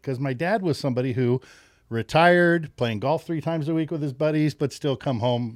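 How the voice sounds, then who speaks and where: A man's voice: fairly high pitch, moderate pace, no echo, studio quality. A middle-aged man telling a story as a podcast guest, laughing often and acting out the people he quotes. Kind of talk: casual storytelling.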